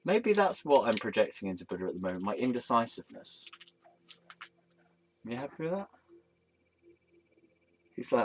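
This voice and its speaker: A man's voice: medium pitch, big pitch swings, normal speed, long pauses, a little hiss or hum. A tired man rambling casually and self-deprecatingly to a statue while he films. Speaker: vlogger.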